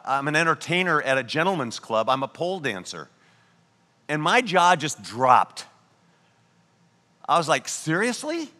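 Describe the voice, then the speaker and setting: A man preaching a sermon as pastor, telling a story and slowing down to stress key words. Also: a little high, bright, forceful tone, long reverb tail. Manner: earnest storytelling preaching, slows down for emphasis.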